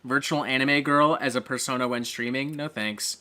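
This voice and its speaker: A streamer hosting a casual live gameplay stream, swearing a lot, breaking into excitable rants and reading viewer chat aloud. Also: medium pitch, normal speed. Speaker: streamer host.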